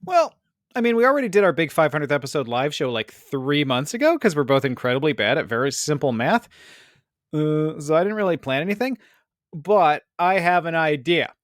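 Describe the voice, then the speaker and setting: A man's voice: on the high side, very animated, a little fast, no echo. A male radio co-host doing comedic banter in a studio, playful and laughing at his own slips.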